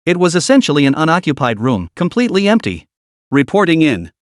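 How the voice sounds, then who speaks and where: Lively male web novel narrator. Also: on the high side, quick pace, no room sound, clean studio sound.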